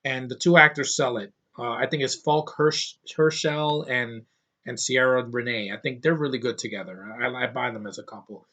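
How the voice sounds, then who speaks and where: Guy rambling about a tv episode, bright voice, lots of uh and like. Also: medium pitch, moderate pace. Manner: rambling, enthusiastic, many fillers. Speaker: TV reviewer. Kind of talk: casual opinion review.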